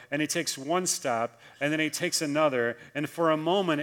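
A pastor delivers his sermon in a voice pitched a little higher than most men's. He tells the stories with momentum, then slows and lowers his voice for the key points. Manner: storytelling, slows for emphasis and drops soft on key lines.

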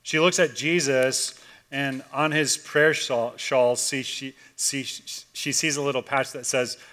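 A man, a pastor, preaching a conversational sermon and telling a story casually, swinging between loud and hushed. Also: mid-range voice, fairly even intonation, takes it slowly.

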